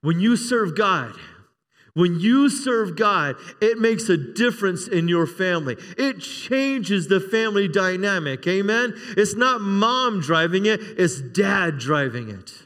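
A man's voice: sits high, animated, takes it slowly, fairly bright tone. A man preaching a sermon as a pastor, talking conversationally and drawing amens from the congregation. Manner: conversational preaching with frequent call-and-response amens. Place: church sanctuary. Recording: long reverb of a church hall.

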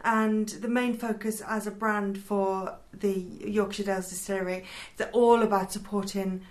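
A woman co-hosting a casual podcast chat, chatty and quick to laugh. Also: medium pitch, fairly even intonation. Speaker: podcast co-host. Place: lived in Yorkshire.

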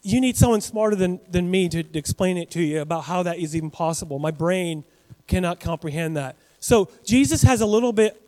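A man preaching a sermon as pastor, talking in a conversational, animated way with asides to the congregation. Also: high-pitched, big-room sound, rough recording.

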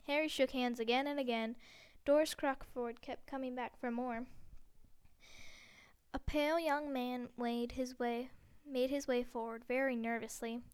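A woman's voice: high-pitched, fairly even intonation, measured pace, clean tone. A woman reading a novel aloud, stumbling over and repeating words now and then. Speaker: reader.

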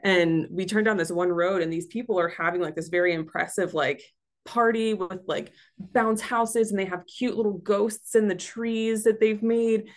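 A woman's voice: medium pitch, fairly even intonation, moderate pace. A woman guest telling a family story in a casual, chatty way with many fillers. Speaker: history center staff guest.

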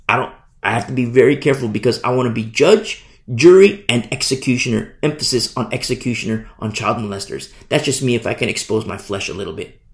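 A man's voice: mid-range voice, creaky, a little mellow. A man preaching a passionate sermon as a pastor, sometimes acting out the voices of the people he describes. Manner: impassioned, mimics people in quotes.

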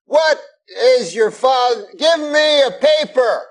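A man doing an impression of a famous older comedian, speaking slowly with halting, odd phrasing, from a noisy archival clip. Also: animated, full character voice. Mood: bemused. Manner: slow, drawn-out, high-pitched delivery with odd phrasing.

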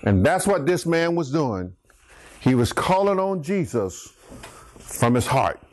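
Emphatic, high, lively-voiced preacher man. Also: takes it slowly. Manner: emphatic, rising to shouts on key words; bantering with the congregation. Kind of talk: sermon.

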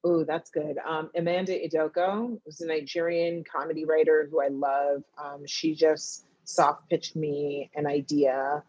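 A woman in her thirties, a TV writer and director, talking casually as a guest and acting out her friends in sudden high-pitched bursts. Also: unhurried, hardly any pauses, breathy edge, no echo, dull audio. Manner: animated, acts out friends' voices in high bursts, laughs often. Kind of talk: casual conversation.

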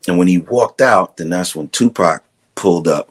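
A middle-aged man from Brooklyn with a very low, husky voice and a Brooklyn accent. He tells stories in a relaxed, casual way, acting out other people's lines as he goes. His laugh comes easily. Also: normal speed. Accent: Brooklyn New York. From Brooklyn, New York. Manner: relaxed storyteller, acts out quotes, laughs often. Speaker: guest drummer. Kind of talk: casual storytelling interview.

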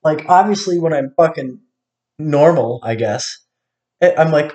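A man in a casual monologue, ranting with lots of swearing, swinging between low mutters and sudden outbursts. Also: normal speed. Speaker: vlogger.

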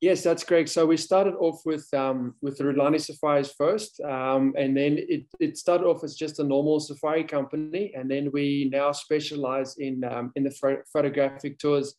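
A man's voice: fairly high pitch, fairly even intonation, normal speed, hardly any pauses, darkish tone. A man raised in South Africa, a safari photo guide, talking as a guest in a casual interview with many fillers and restarts.

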